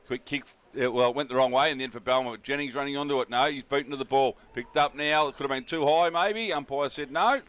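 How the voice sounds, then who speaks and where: A man's voice: medium pitch, fast, few pauses, a bit bright, smooth. An Australian man calling a local football match, chatty and laid-back, with fillers and asides to his co-commentators. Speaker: play-by-play commentator.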